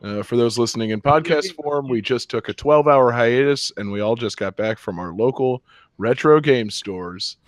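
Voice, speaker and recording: A man's voice: medium pitch, moderate pace, dry recording, studio quality. A young man hosting a podcast, joking around and laughing often in casual chat. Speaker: podcast host.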